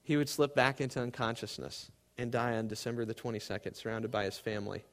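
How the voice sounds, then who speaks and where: A man preaching a sermon to a live congregation, swinging between loud emphasis and hushed, quiet tones. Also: mid-range voice, fairly even intonation, fast talker.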